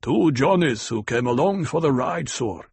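A man playing a tall, rough desert worker who speaks in an old-fashioned dialect. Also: mid-range voice, animated, normal speed, a little mellow, dry recording, pitched above the performer's own voice. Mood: matter-of-fact. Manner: archaic dialect phrasing.

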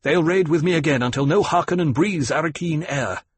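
A man reading aloud voices an earnest, resolute young man who speaks with proud intensity in a husky voice. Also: on the high side, fairly quick, a little hiss or hum, pitched above the performer's own voice, close to an everyday voice.

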